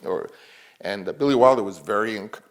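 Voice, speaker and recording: A man's voice: on the low side, a little fast. A man, a film director, talking reflectively in an interview, rambling with many restarts.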